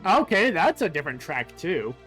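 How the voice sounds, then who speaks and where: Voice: medium pitch, big pitch swings, moderate pace, fairly bright tone, soft background music. A streamer giving casual game commentary, musing aloud with frequent fillers and the odd curse. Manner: casually profane.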